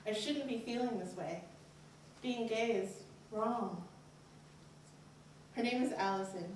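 A young woman performing a candid personal story live on a college stage, her voice jumping up on anxious inner questions. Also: slight background noise. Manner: earnest, candid, pitch rises sharply on anxious inner questions. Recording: very echoey hall, voice from far off.

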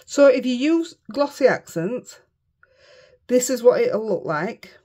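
A woman's voice: on the high side, expressive, takes it slowly, warm tone. A woman with a Yorkshire accent chatting casually while making cards, self-mocking and muttering to herself now and then. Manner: chatty, self-mocking, often mutters under her breath. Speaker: craft vlogger. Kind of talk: casual chat while crafting.

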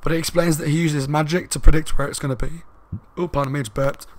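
Fast, loud-talking man reviewing a book. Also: a little high, steady tone. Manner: rambling, with fillers and asides. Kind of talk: casual spoken book review.

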